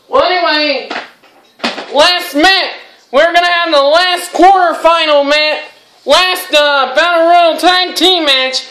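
A woman calling a wrestling match as play-by-play commentary, excitable and exclaiming, with frequent repeated names. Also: very high voice, takes it slowly. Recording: noisy with clicking sounds.

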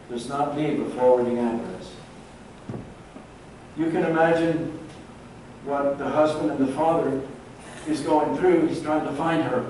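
A man, preaching a sermon as pastor and telling a story in a measured, earnest way. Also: a little high, darkish tone, slight background noise. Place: large church hall. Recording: echoey church recorded from far off.

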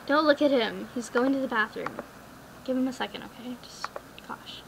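A young female vlogger chatting casually as she plays a game, rambling with lots of "like" fillers and drifting between soft murmurs and loud bursts. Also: high voice, fairly quick, vocal fry, very noisy.

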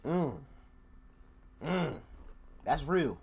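A man hosting a music reaction, casually commenting in an animated, profane way, laughing often and swinging between loud outbursts and low mutters. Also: very slow, creaky, husky.

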